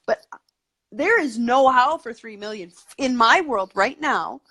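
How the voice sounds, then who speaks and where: Upbeat, chatty woman, higher voice. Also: expressive, a little slow, bright, forceful tone. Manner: eager, talkative, peppered with "like". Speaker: guest. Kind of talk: casual conversational interview.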